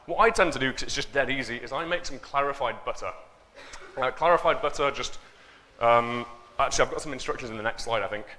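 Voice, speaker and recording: A man's voice: mid-range voice, quick pace, pushed and bright, a little hiss or hum. A man giving a loose, unscripted talk on stage to an audience. He chats and jokes, with many fillers. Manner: chatty, joking, many fillers. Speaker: conference speaker. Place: conference stage before an audience.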